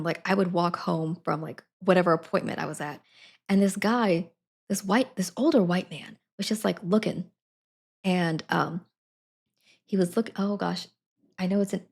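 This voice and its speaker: A woman's voice: on the low side, vocal fry, husky. A woman chatting casually to her live stream audience, giggling between sentences. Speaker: Twitch streamer.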